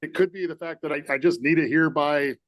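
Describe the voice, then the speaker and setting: Man, fairly high voice, dry sound, conversational, energetic. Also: a little fast, no room sound. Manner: energetic, conversational, tags with 'right?'. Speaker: panelist, company founder. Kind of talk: webinar panel answer.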